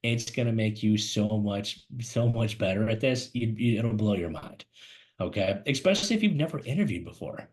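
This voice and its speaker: A man teaching job seekers to camera as a career coach, fast-talking and emphatic, animated and gesturing as he speaks. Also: on the low side. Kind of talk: energetic instructional talk to camera. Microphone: camera mic, speaking to camera.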